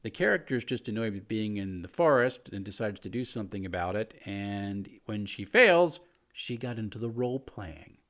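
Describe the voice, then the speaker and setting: A man who is a game master, telling a story from his tabletop game in a relaxed, chatty way with fillers. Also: lowish voice, normal speed, few pauses. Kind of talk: casual storytelling.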